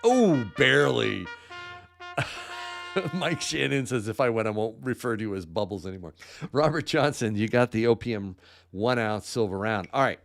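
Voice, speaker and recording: A man's voice: lowish voice, animated, normal speed, gravelly, soft background music. A man hosting a live podcast giveaway, upbeat and laughing often as he calls out winners' names. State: out of breath. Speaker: podcast host. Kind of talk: livestream giveaway chat.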